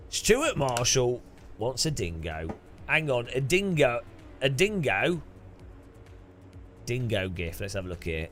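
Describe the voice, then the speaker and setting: A male streamer chats loosely with his viewers, puzzled by their requests and laughing them off. His voice rises and falls a great deal as he talks. Soft music plays underneath. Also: mid-range voice, sing-song, slow pace, long pauses. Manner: bemused, chatty, laughs often and swears. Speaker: streamer host. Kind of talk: casual livestream chat while racing.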